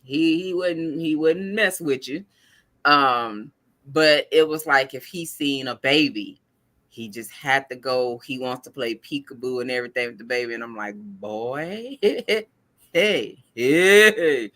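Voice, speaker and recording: A woman's voice: rumbling low, normal speed, sharp tone. A woman hosting a podcast, chatting casually and acting out family stories with lots of quoted dialogue. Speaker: podcast host. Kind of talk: casual chat.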